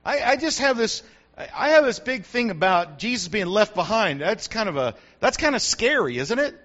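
A man's voice: sits high, sing-song, moderate pace, a bit bright, lo-fi sound. An older man from the United States, a grandfather and pastor, preaching a sermon with repetition and rising emphasis.

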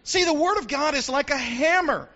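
A man preaching a sermon to his congregation, animated and preacherly, acting out the voices he quotes. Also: very high voice, moderate pace, dull audio. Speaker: pastor. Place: church sanctuary with congregation.

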